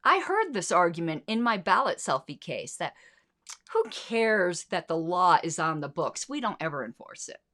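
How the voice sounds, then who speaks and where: A woman's voice: lowish voice, very animated, normal speed, fairly bright tone. A middle-aged woman hosting a political commentary livestream, blunt, sarcastic and indignant, with plenty of swearing. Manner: sarcastic rhetorical questions.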